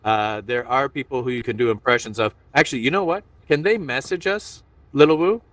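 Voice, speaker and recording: A man's voice: mid-range voice, a little fast, fairly bright tone, dry recording, far from the mic. A man doing a playful, rambling stand-up set streamed online. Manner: rambling, self-interrupting, playful. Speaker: stand-up comedian.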